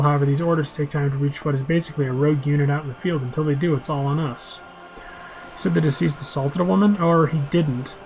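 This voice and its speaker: A man reads a role-playing game's dialogue aloud in his own plain voice. He goes fast, pitched a little high, and restarts a word now and then. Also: slight background noise, poor audio. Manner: plain, quick reading with small slips. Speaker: game describer. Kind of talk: reading game dialogue aloud.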